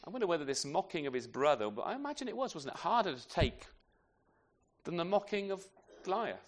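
A man's voice: sits high, sing-song, fairly quick. A man preaching an expository sermon in a conversational way, often turning his points into tag questions and adding self-deprecating asides.

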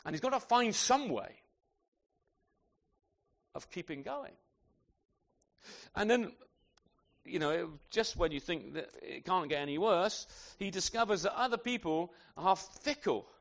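A man's voice: sits high, expressive, a little slow, creaky, long pauses, a bit bright. A man preaching a sermon in a conversational way, often adding rhetorical tag questions.

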